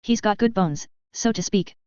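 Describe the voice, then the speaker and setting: A woman's voice: medium pitch, moderate pace, warm tone, clear, resonant tone, no room sound, natural voice. A woman reading the part of a weary, clinical young man in a storybook, tired in tone. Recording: slightly dull lo-fi.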